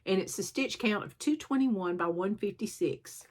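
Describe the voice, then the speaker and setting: A woman hosting a chatty show-and-tell craft vlog, her voice at an ordinary middle pitch. She rambles and pokes fun at herself as she goes, stopping often to clear a sore throat. A faint hiss sits under the recording. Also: expressive, moderate pace, a little mellow. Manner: rambling, self-deprecating, frequent throat clearing. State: sore throat, sucking a cough drop. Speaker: cross-stitch vlogger.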